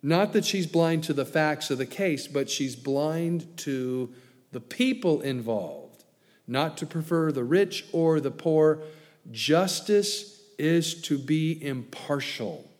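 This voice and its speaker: A man's voice: on the high side, lively intonation, slow, darkish tone. A man preaching a folksy sermon, telling stories and growing emphatic as he makes his points. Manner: folksy storytelling, grows emphatic. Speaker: pastor. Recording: long hall reverb.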